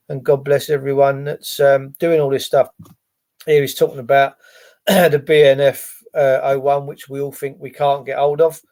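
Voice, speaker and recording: A man with a slightly raised pitch and a gravelly edge ranting on a livestream. His delivery is blunt and sarcastic, with plenty of swearing. He addresses his viewers directly. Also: a little mellow. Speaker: livestream host.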